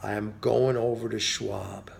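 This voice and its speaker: A man voicing a worried, apologetic male client in a quiet, hesitant voice. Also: fairly low pitch, steady tone, unhurried, gravelly, a little hiss or hum, pitched below the performer's own voice. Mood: sheepish.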